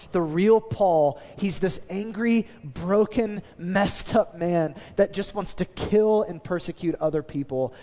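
A man preaching a sermon as a pastor, emphatic, dropping his voice low for key phrases. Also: darkish tone, long reverb tail.

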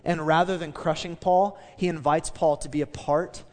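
A man preaching a sermon as a pastor, emphatic, dropping his voice low for key phrases. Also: steady tone, normal speed, darkish tone, in a large hall.

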